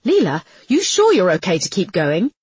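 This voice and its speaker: A woman voicing a brisk woman police officer, speaking tersely and giving firm commands. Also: fairly low pitch, huge pitch swings, a little mellow, slightly rough, dry recording, full character voice. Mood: commanding.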